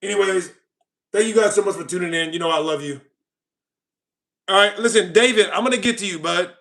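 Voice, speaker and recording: Young male livestream host; high, bright voice; mocking, ranty casual chat. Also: brisk, creaky.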